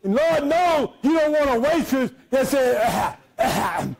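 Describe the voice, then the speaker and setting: Very high-voiced shouting preacher man. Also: normal speed, poor audio. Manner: shouting preacher, calls out to congregation; folksy, joking asides. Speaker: pastor. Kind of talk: sermon.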